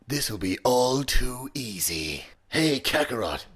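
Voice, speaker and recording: A man voicing a smug alien warrior prince from a cartoon, with a gravelly, strained voice and a deliberately bad American accent. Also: medium pitch, very animated, fairly bright tone, pitched above the performer's own voice, full character voice.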